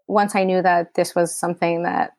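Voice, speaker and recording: A woman's voice: fairly low pitch, little pitch movement, normal speed, vocal fry, a little mellow, no room sound. A woman from Queens, New York, a writer-director telling a personal story in an interview, candid and emotional, her speech full of "like" and "you know.".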